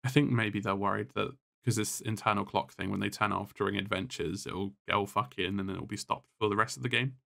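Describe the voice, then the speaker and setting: A man's voice: fairly low pitch, a little fast, gravelly, hardly any pauses, a bit bright. A man talking as a podcast guest in casual chat, blunt and exasperated, swearing freely as he complains. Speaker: podcast guest, content creator.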